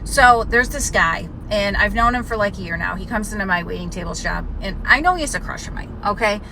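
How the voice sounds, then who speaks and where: Rambling woman, clear car noise behind. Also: medium pitch, expressive, a little fast. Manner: rambling, filler-heavy, confiding. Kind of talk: casual storytelling video. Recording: noisy outdoor car ambience.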